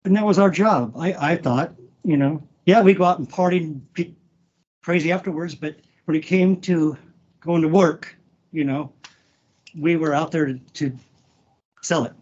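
A husky, slightly high-pitched man speaks in a halting, emotional way, restarting often and swearing freely. He is a guest on a casual podcast. The sound is dull and lo-fi. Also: a little mellow. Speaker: guest, former wrestler.

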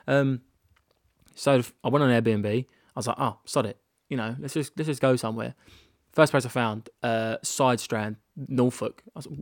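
British male podcast host, young, gravelly tone, dry close sound, rambling and self-deprecating. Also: mid-range voice, brisk, no echo. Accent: British English. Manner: rambling, frequent restarts and self-deprecating laughs. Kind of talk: candid solo podcast monologue. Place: rented holiday annex.

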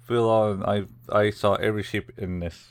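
A man's voice: on the low side, steady tone, normal speed, no echo. A man casually recapping anime episodes as a podcast co-host, rambling and acting out the characters' lines.

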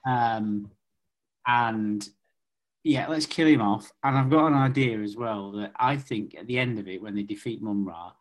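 A man in casual comedic chat, playful and quick to swear. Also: on the low side. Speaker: podcast co-host.

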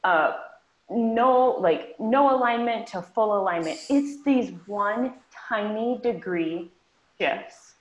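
A woman's voice: mid-range voice, slow. A woman hosting a podcast, speaking in an emphatic casual way with mild swearing. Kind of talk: casual chat. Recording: roomy, dull lo-fi sound.

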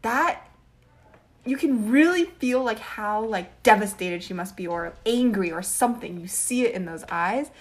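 Young woman, podcast co-host, animated, curses freely, big dramatic quote impressions, mid pitch. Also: a little slow. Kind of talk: casual chat.

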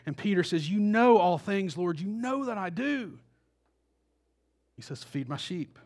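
Male pastor, high-pitched, animated sermon delivery, dramatizes quotes. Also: a little slow. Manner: animated, acts out quoted voices with rising intensity.

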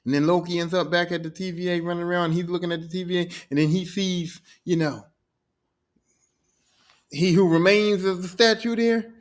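High-voiced man recapping a show. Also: moderate pace. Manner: profane, rambling, animated. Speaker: podcast host.

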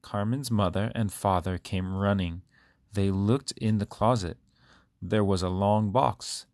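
A man reading short children's stories aloud in a slow, careful, even manner. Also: fairly low pitch, no echo, clean studio sound. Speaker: children's book reader. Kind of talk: storybook read-aloud.

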